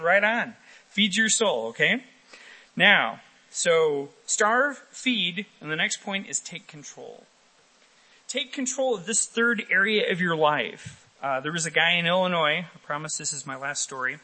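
A man with a fairly high, bright, forceful voice preaches a sermon to his congregation. He talks with them directly, asking questions and calling for raised hands. He is a pastor speaking in a church. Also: poor audio.

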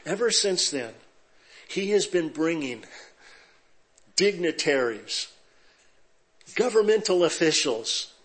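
A middle-aged man from Southern California, a pastor telling jokes and stories to his congregation. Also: on the high side. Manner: lively storyteller, joking with the audience. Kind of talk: sermon with humorous anecdotes.

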